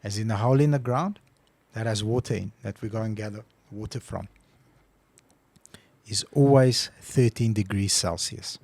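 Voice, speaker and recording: Low-voiced storytelling man, dry sound. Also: moderate pace, dry recording. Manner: animated storyteller, acts out phone calls. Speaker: podcast co-host. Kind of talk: casual chat.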